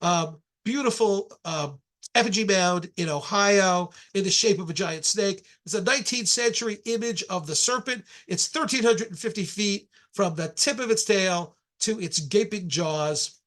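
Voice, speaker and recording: A man's voice: high voice, normal speed, fairly bright tone. A middle-aged man, an archaeologist, giving a public lecture with slides in a conversational way, with frequent restarts and asides.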